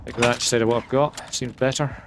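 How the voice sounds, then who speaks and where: A young Scottish man streaming a shooter game, talking fast with friendly strangers and shouting quick repeated callouts. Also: mid-range voice, steady tone, creaky, a crowd in the background. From Scotland. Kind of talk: gaming chat over voice comms. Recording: noisy gameplay with gunfire behind.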